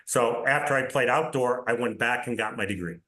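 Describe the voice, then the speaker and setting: An older man, a soccer league commissioner appearing as a guest on a podcast interview, tells lively stories casually. His mid-range voice is brisk, full of reported dialogue and tag questions, and the roomy space adds echo.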